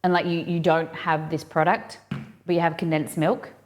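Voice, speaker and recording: A woman's voice: deep voice, flat delivery, moderate pace, a little hiss or hum. A woman hosting a casual live cooking stream, chatting and thinking aloud with rambling asides as she works in a kitchen.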